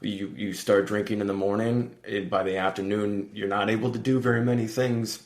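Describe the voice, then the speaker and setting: A man's voice: lowish voice, little pitch movement, fairly quick, a little mellow, echoey room. A man in his thirties, a podcast guest talking candidly and earnestly, acting out his inner voice with sudden raised tones. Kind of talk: candid conversational interview.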